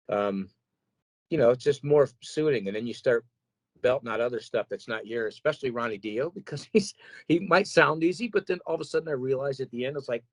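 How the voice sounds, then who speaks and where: A man who sings metal, chatting casually in an interview, rambling and animated as he tells stories about touring and keeping his voice in shape. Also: medium pitch, no echo, poor audio. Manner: rambling, animated storytelling with quoted asides. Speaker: metal singer guest.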